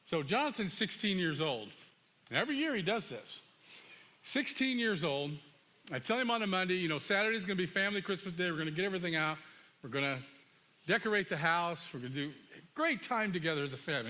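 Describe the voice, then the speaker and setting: A middle-aged man preaching a sermon, telling a family story in a lively way and acting out the dialogue. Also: high-pitched, a little fast. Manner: animated storyteller, acts out dialogue. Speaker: pastor.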